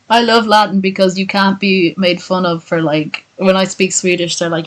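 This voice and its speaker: A woman's voice: medium pitch, little pitch movement, normal speed, few pauses, low-quality recording. A woman streamer chatting casually and profanely after a long reading, tired and with a sore voice. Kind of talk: casual chat.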